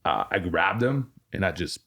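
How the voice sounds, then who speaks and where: Male podcast guest, army veteran, lowish voice, halting and reflective. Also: expressive, vocal fry, a bit bright. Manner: halting, restarts often. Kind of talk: casual conversation.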